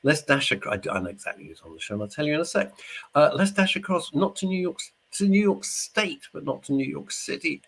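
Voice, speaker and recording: A man's voice: fairly high pitch, big pitch swings, a little fast, gravelly, fairly bright tone, breathy edge. A middle-aged man hosting a radio show, chatting casually and jokingly while reading out listener messages. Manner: chatty, jokey, rambling. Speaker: radio host. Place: studio.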